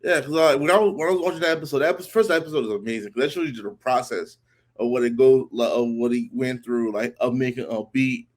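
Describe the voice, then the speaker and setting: A man chatting casually about TV and movies in a relaxed, slangy way, with hesitant fillers. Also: medium pitch, quick pace. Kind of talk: casual chat.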